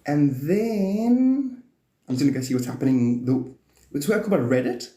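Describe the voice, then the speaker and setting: Man, live-stream host, rambling, swearing, laughing, raised pitch, echoey room. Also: expressive, moderate pace, warm tone.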